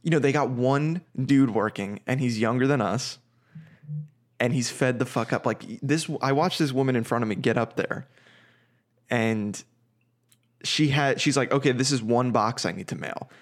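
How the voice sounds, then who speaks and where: A man's voice: mid-range voice, a little slow, long pauses. A man co-hosting a podcast, casually rambling through a story and swearing freely. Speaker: podcast co-host. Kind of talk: casual chat.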